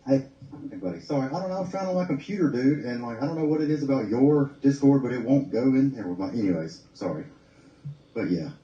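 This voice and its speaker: A man's voice: mid-range voice, expressive, quick pace, mellow, echoey room. A man calling into a podcast, rambling and apologetic. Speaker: caller. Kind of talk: casual call-in chat. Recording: muffled distant call audio.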